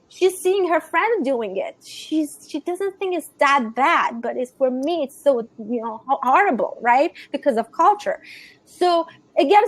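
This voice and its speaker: A woman with a high voice explains parenting in an earnest, emphatic way. She often restarts mid-sentence and repeats her phrases as she works through her point. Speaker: conscious parenting guest expert. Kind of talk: explaining parenting advice in a conversation.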